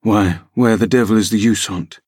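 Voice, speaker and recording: Brief: man voicing a rough Yorkshire farm lad, gruff growl, storybook reading. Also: lowish voice, flat delivery, moderate pace, no echo, studio quality. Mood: surly. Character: rough, surly young farmhand.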